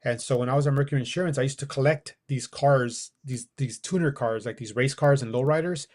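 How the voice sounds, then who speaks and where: A man's voice: mid-range voice, brisk, a little mellow. A man, probably in his forties, telling a personal story as a podcast guest, acting out quoted dialogue and laughing as he goes. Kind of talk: casual storytelling.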